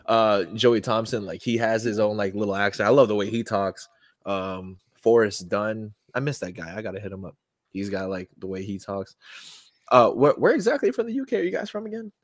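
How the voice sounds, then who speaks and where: Man, podcast host, low voice, casual swearing chat, dry sound. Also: a little fast, dry recording. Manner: swears often, excitable, laughs a lot.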